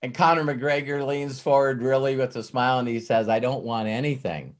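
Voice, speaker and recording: A man's voice: medium pitch, fairly even intonation, moderate pace. A man hosting a Q&A, retelling a story with frequent "uh" fillers before an earnest motivational pep talk, heard over a video call.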